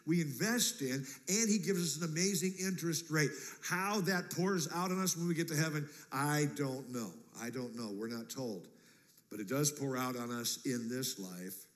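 A man preaching a sermon as pastor, animated and jokey, acting out quotes in a church. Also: a little high, moderate pace. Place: church sanctuary. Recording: long church reverb.

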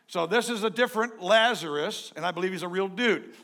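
A pastor preaching a sermon in a joking, conversational way, swinging between loud and soft. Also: male voice, sits high, brisk.

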